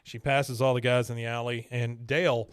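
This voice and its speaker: A man hosts a casual podcast, recapping a cartoon episode in an easygoing, talkative way. His voice sits at an ordinary middle pitch. It is recorded dry, with no room echo. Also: moderate pace, clear, resonant tone. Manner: recaps scenes in a relaxed, chatty way and acts out quotes. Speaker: podcast host.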